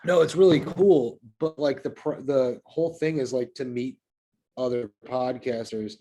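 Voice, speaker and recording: A man's voice: mid-range voice, a little slow, dark tone. A man guesting on a podcast in casual chat, frank and swearing a lot as he rants.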